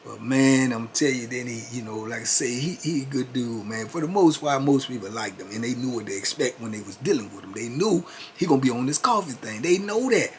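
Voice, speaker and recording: A man's voice: mid-range voice, expressive, a little fast, a little hiss or hum. A man in his fifties telling a story in a laid-back, conversational way, full of "you know what I'm saying". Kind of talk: casual storytelling.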